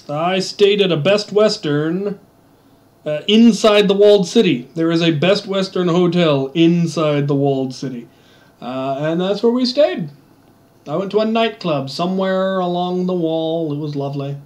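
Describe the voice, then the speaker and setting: Guy streaming, chatty and wry, kinda high-ish voice, wanders off topic. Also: moderate pace, a little mellow. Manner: rambling, wry storytelling. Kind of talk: casual chat while gaming.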